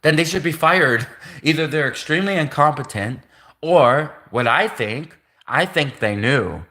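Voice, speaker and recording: Young Canadian guy, streamer, bright tense tone, loose repetitive rambling with frequent laughs. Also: on the high side, lively intonation, a little slow. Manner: repetitive, laughing often, casual filler-heavy. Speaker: livestream host. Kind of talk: rambling live commentary.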